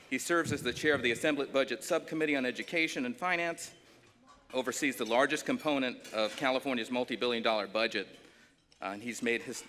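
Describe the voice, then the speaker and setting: A man's voice: medium pitch, pushed and bright. A man moderating a conference panel, introducing speakers in a chatty, joking way with fillers and restarts. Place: conference hall. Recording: reverberant hall, faint noise.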